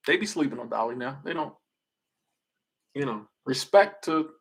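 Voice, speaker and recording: Husky man joking with viewers. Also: medium pitch, lively intonation, moderate pace. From Southern United States. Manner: joking, rambling, trails off and restarts. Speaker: streamer. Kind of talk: casual livestream chat reacting to viewer comments.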